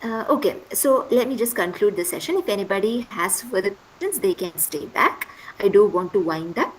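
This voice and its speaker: Leading an online workshop session by video call, a woman instructor speaks fairly quickly in an expressive mid-range voice. She patiently goes over key points more than once and keeps asking "right?" The recording is rough.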